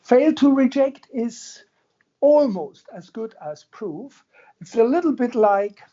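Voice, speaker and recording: Slow, lively male lecturer. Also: very high-pitched, lo-fi sound. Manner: conversational, jokey, checks in with the audience. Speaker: university lecturer. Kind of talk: classroom lecture.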